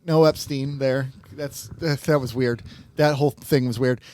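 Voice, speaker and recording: A male co-host in a casual podcast chat jokes, laughs often and rattles off lists quickly. His voice is medium-pitched, slightly mellow and fairly even in intonation.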